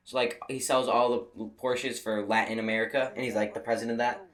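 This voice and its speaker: A man's voice: mid-range voice, flat delivery, a little fast. A young man telling a rambling travel story in a casual way, full of restarts and fillers, laughing at his own jokes. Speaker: video creator.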